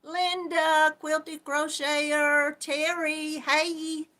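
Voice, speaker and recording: A woman's voice: sits high, level tone, extremely slow, sharp tone. A middle-aged woman with a Southern US accent hosts a casual live stream, greeting viewers one by one and calling them hon and darling. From Georgia, US. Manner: chatty, affectionate, calls viewers hon and darling.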